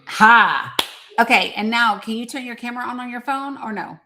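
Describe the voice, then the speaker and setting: A woman's voice: on the high side, fast talker, pushed and bright, slight background noise. A woman hosting a casual live stream, bubbly and chatty, greeting viewers by name as she goes.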